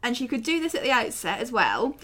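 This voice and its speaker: Lively bright-voiced woman co-host. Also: fairly high pitch, brisk. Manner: wry, dry understatement. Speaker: podcast co-host. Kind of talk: casual political chat.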